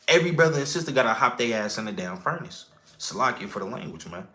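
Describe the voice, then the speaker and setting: Emphatic man preaching with lively pitch. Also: fast. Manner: emphatic, preachy, rhetorical questions, casual swearing; repeats "okay?" and "all right?". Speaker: religious teacher. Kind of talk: informal scripture teaching.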